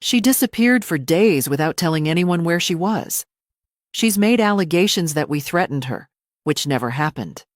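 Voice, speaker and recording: A woman's voice: fairly low pitch, expressive, normal speed, dry recording, clean studio sound, close to an everyday voice. A woman reading as a tearful defensive daughter. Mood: pleading. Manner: pleading, voice breaking. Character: tearful defensive middle-aged daughter on witness stand.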